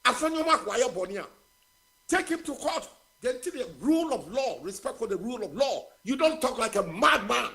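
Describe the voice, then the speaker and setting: This is an older Ghanaian man phoning in to a talk radio program, and he is outraged at the country's leaders. His voice sits high and rises and falls widely as he drives his points home. He mixes Twi and English freely, hammering each word of condemnation. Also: big pitch swings, moderate pace, pushed and bright. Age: 70s. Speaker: caller. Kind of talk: heated political call-in.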